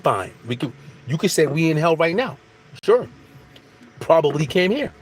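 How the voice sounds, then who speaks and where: A man talking through spiritual ideas in a loose, preachy monologue. He circles back, repeats phrases and restarts his sentences, and his voice sits a bit high for a man. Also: sing-song, normal speed, slightly rough. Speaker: spiritual speaker.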